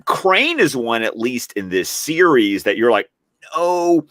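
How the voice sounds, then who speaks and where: A man in casual podcast chat as a guest, relaxed and conversational, telling stories. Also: mid-range voice, a little slow, dry recording, clean studio sound.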